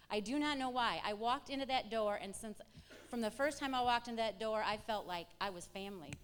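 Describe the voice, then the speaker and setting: A woman's voice: on the high side, normal speed, slight background noise. A middle-aged woman telling her personal testimony to a church congregation, vividly acting out remembered conversations. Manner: animated storyteller acting out quoted exchanges. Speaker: church member giving testimony. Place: church hall. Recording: long church hall reverb.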